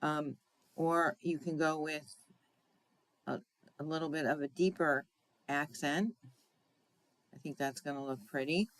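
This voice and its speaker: A woman's voice: low-pitched, steady tone, unhurried, pauses often, rough recording. A woman hosting a card-making tutorial in a chatty way, often checking in with "right?" and laughing at her own slips. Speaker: crafting demonstrator.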